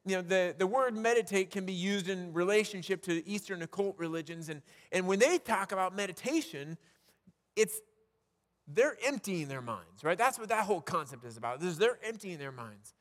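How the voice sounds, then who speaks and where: A man's voice: high voice, animated, normal speed, a bit bright, in a large hall. A man preaching a sermon as a pastor, talking conversationally with restarts and rhetorical questions.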